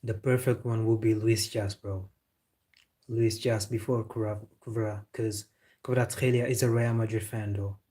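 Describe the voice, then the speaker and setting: Male football streamer, low voice, flat delivery, casual opinionated chat with viewers. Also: moderate pace, breathy edge. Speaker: football live stream host.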